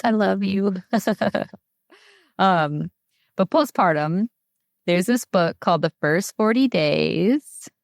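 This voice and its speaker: Slow, low-voiced woman with vocal fry. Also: no room sound, clean studio sound. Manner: rambling, filler-heavy talk. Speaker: podcast guest, mother and herbal maker. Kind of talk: casual advice chat.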